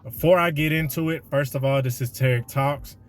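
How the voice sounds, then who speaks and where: A man's voice: medium pitch, fairly quick, soft background music. A man hosting a podcast, delivering a slangy, conversational motivational monologue with a preachy edge. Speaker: podcast host.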